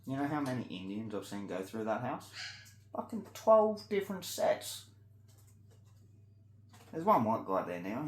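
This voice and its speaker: An indignant Australian man rants to camera, sweary and blunt. His pitch swings widely from high exclamations to low grumbles. The room around him rings with echo. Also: slight background noise. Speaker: vlogger. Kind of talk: ranting monologue to camera.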